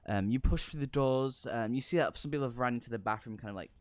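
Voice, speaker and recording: A man's voice: medium pitch, fast talker, darkish tone, no echo. A man narrating as game master of a tabletop horror game, with lots of ums and hesitant descriptions. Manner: hesitant, many ums and kind-ofs.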